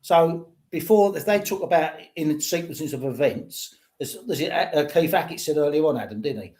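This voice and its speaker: A man's voice: a little high, normal speed, darkish tone. Opinionated older man. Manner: opinionated, rambling with restarts. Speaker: podcast host. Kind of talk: casual football chat.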